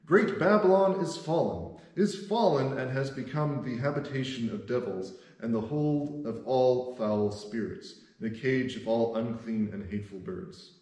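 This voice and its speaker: A man voicing a mighty angel who cries out a loud proclamation of judgment, read aloud in a church devotional. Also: medium pitch, measured pace, reverberant, lightly acted, poor audio. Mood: proclaiming.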